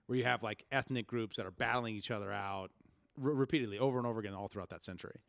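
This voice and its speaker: A man's voice: lowish voice, very fast, creaky, a bit bright, no echo. Explaining man on a dry mic. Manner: explanatory, lecturing. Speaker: podcast co-host. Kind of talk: casual chat.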